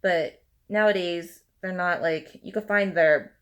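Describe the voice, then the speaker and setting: A woman's voice: on the low side, a little slow, smooth, muffled recording. A woman in her thirties ranting casually about a shopping letdown while applying makeup, talking in a loose stream full of fillers. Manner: animated venting, heavy use of fillers like "you know" and "like". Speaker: beauty vlogger. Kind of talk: casual ranting get-ready-with-me chat.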